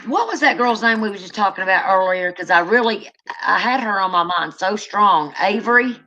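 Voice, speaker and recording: A woman's voice: medium pitch, lively intonation, moderate pace, bright, forceful tone, dull audio, faint music behind. An older woman with a grandchild, chatting casually on a live stream, rambling, trailing off and yawning. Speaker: co-host.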